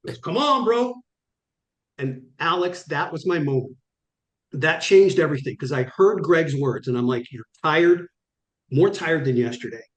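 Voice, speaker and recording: A man's voice: a little high, normal speed. A middle-aged man, a guest on an interview show, tells stories with energy and acts out the dialogue in them. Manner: vivid, acts out quoted dialogue. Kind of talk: animated storytelling. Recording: echoey room.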